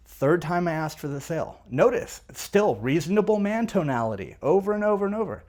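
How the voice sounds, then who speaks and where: A man's voice: a little high, sing-song, a little fast, few pauses, a little mellow. A man coaching on sales technique in a conversational way, acting out both the buyer and the seller on sales calls.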